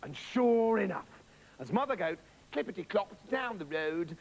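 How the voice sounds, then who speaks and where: A man's voice: high-pitched, lively intonation, measured pace, vocal fry, poor audio. A man telling a comic children's story, gleeful and anarchic. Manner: gleeful and anarchic, jumping between voices. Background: music.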